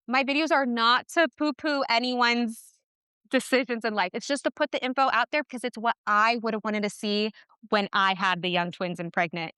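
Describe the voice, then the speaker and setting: A woman guest on a parenting podcast, talking in a passionate, animated way with quick asides. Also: mid-range voice, clean tone, dry recording, studio quality. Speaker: podcast guest, twin mom. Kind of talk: casual interview chat.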